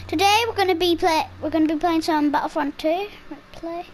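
A woman giving gameplay commentary on her channel, excitable and talking to herself as she plays. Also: very high-pitched, a little fast, slight background noise. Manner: excitable, talks to herself while playing. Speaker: gaming YouTuber.

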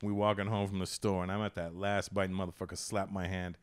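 A man from Canada hosting a podcast, telling street stories in a casual, profane, animated way. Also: low-pitched, fast, clear, resonant tone. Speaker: podcast host. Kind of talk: casual storytelling chat.

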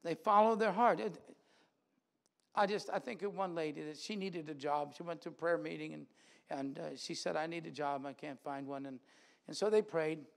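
A man preaching a sermon in a church, animated, acting out quoted voices with big swings in loudness. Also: a little high, moderate pace, vocal fry.

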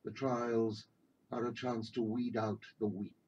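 An actor playing a stern, commanding older male Sith overseer in a video game, speaking in a measured, imperious way. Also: medium pitch, flat delivery, a little mellow, natural voice. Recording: dull game audio with background noise.

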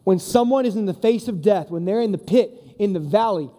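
Male youth pastor, high mellow voice, relaxed conversational preaching, long hall echo. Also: fairly quick. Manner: casual, conversational, emphatic. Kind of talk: sermon. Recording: long reverb of a large hall.

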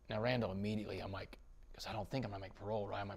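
Middle-aged man, gravelly, animated interview storyteller. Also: lowish voice, fast. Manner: animated storyteller, quotes others, swings loud and soft. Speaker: podcast guest.

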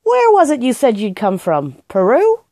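A woman's voice: wildly swooping pitch, moderate pace, dark tone, no echo, full character voice. A woman doing a fussy, flustered older housekeeper. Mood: brusque. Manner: exclaiming, fussing, high and fluttery.

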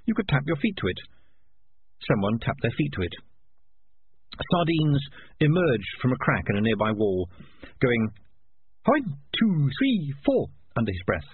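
A man narrating a storybook audiobook in an expressive reading voice. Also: medium pitch, moderate pace, long pauses, husky. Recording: tinny lo-fi with faint hiss.

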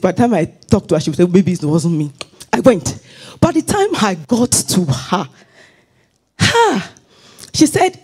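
Woman pastor, husky, fervent sermon, lively swooping delivery, half-sung lines. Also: medium pitch. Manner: fervent preaching that slides into sung phrases. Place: church.

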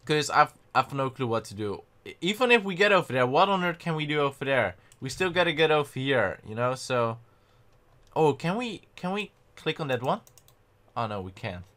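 A young man giving excitable, panicky gameplay commentary and often mocking his own mistakes. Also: fairly high pitch, moderate pace. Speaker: gaming channel host.

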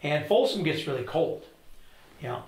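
A man's voice: on the high side, animated, moderate pace, echoey room, low-quality recording. An older man telling a story in an interview, acting out each person's lines in turn. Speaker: interview guest. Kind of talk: storytelling with quoted dialogue.

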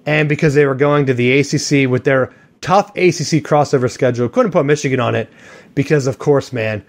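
A man's voice: mid-range voice, brisk. A man hosting a sports podcast, rambling and joking in casual chat with a co-host.

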